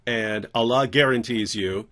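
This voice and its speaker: A man voicing a persuasive male leader who makes grand promises in a slow, coaxing way. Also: mid-range voice, pushed and bright, pitched below the performer's own voice.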